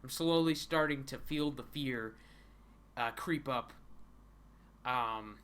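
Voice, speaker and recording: A male streamer reading a comic aloud live, in a bright, ringing mid-range voice. He stammers and repeats words as he goes and breaks into giggles often. He leans into mock-dramatic dread for comic effect. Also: medium pitch, takes it slowly, clear, resonant tone. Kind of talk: casual live-stream commentary.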